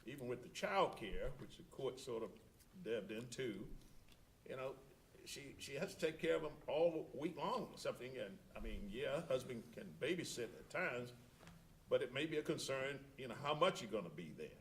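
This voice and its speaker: A man presiding as an appellate judge, questioning a lawyer in court. His voice sits at a middle pitch. He thinks aloud, restarting sentences as he works through a point. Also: animated, normal speed, a little hiss or hum.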